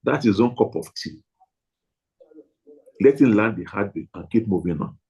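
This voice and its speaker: A man's voice: fairly low pitch, lively intonation, moderate pace, a little mellow, breathy edge, highs cut off. A man leading a training talk for pastors, emphatic and repetitive, leaning hard on single words.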